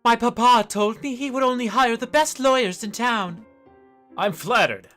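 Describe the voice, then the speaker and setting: A woman's voice: fairly high pitch, moderate pace, a bit bright, faint music behind, pitched above the performer's own voice, lightly acted. Woman voicing a sweet naive noble girl. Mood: chatty.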